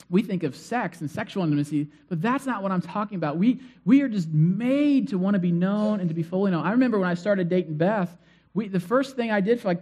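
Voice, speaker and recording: A man preaching a sermon to his congregation, telling stories in a conversational, animated way, asking the crowd questions and repeating phrases for emphasis. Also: high voice. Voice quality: conversational, animated storytelling with acted-out cries. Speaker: pastor.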